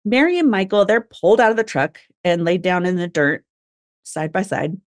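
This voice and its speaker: A woman's voice: fairly low pitch, lively intonation, normal speed, dry recording, studio quality. A young adult woman co-hosting a podcast, recounting a true crime case casually, with frequent swearing and laughter. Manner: swears and laughs while recounting grim details. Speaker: podcast co-host.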